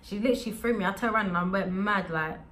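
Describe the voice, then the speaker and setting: Fast-talking young woman vlogger. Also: mid-range voice. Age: young adult. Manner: animated, slangy storytelling. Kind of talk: storytime vlog.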